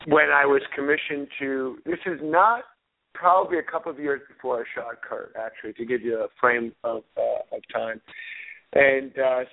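A man's voice: medium pitch, fairly even intonation, vocal fry. Man telling a story down a phone line. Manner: halting, many fillers and chuckles. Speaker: guest photographer. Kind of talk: anecdote telling on radio call-in.

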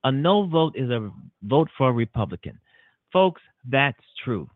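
A man's voice: medium pitch, very animated, unhurried, no echo. Breathless man hosting over a phone line. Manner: repetitive, emphatic, rambling. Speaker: host. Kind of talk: casual internet radio talk. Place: home studio. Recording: tinny phone-like line, dry.

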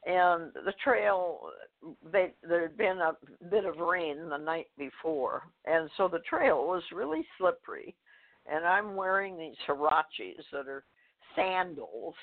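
An older woman, a guest author, telling a personal story in a phone interview, halting, with fillers, restarts and soft laughs. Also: on the low side, animated. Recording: tinny phone line.

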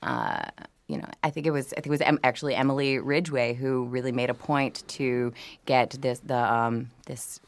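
A woman's voice: rumbling low, expressive, normal speed, gravelly. A woman from New Orleans, a voice actor guest, tells eager stories with frequent self-restarts in a casual podcast chat.

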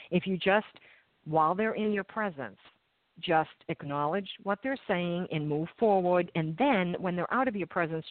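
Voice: medium pitch, no echo. Reflective voice over a dry phone line. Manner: reflective, encouraging, slightly halting. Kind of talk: conversational interview. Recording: dry phone-like call audio.

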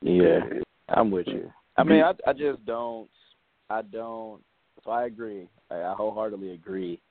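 Reflective male co-host, low-pitched, measured, dry lo-fi tinny audio. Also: dry recording. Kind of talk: casual chat. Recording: tinny phone-like sound.

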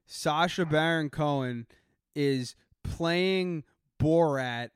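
A man's voice: a little high, slow pace, clear, resonant tone, no echo, clean studio sound. A man co-hosting a podcast, chatting casually with profane, joking commentary. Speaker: podcast co-host. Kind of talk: casual chat.

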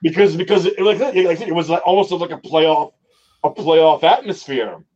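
A man co-hosting a sports radio show, excitable and self-mocking, swearing as he talks in casual banter. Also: fairly high pitch, normal speed, muffled recording, slight background noise. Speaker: co-host.

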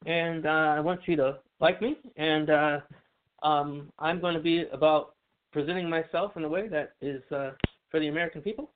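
A man putting on the voice of an earnest male politician who is eager to please, halting and filling his pauses. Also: fairly high pitch, steady tone, lightly acted. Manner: halting, with fillers. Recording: tinny phone line.

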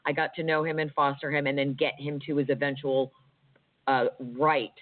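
A woman's voice: deep voice, level tone, normal speed, dry recording. A woman co-hosting a talk radio show, chatting in a rambling way with many fillers. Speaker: radio co-host. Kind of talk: casual talk radio chat. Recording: tinny phone-like dry sound.

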